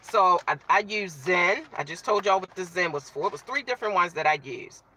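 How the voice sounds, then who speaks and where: Chatty animated woman live-streaming. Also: lowish voice, a little fast, a little hiss or hum. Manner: chatty, greets viewers by name, talks while eating. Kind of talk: casual live-stream chat.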